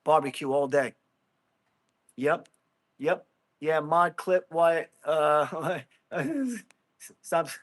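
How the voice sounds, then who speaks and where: A man's voice: on the high side, steady tone, extremely slow, long pauses. A middle-aged man hosting a casual livestream, bluntly chatting with viewers and calling them bro. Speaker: livestream host. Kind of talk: casual livestream chat, reading comments.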